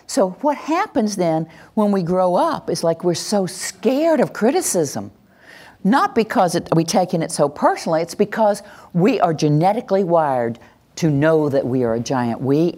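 A woman teaching about praising children, animated and playful, acting out parents' baby talk and scolding in her examples. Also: on the low side, normal speed. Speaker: parenting educator. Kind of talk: lively talk to an audience.

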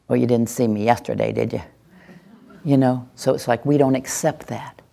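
A woman teaching about praising children, animated and playful, acting out parents' baby talk and scolding in her examples. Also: a bass voice, creaky, breathy edge. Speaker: parenting educator. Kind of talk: lively talk to an audience.

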